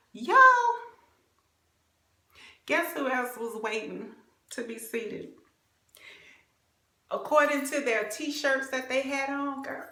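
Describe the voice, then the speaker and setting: Animated young woman telling a funny story. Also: on the high side, a little slow. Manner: animated, laughing, confiding with viewers. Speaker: vlogger. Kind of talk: comic storytelling. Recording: roomy echo.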